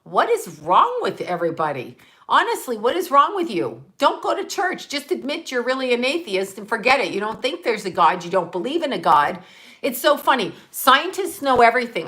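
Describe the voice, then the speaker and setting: Bright-voiced woman ranting to her channel, blunt and sweary, rambles and laughs at her own jokes. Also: on the high side, big pitch swings, normal speed. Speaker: channel host. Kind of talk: casual live-stream monologue.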